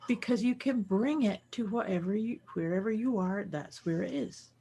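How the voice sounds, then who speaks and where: Female co-host, husky voice, reflective conversational tone. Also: medium pitch, moderate pace, dark tone. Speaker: podcast co-host. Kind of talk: casual chat.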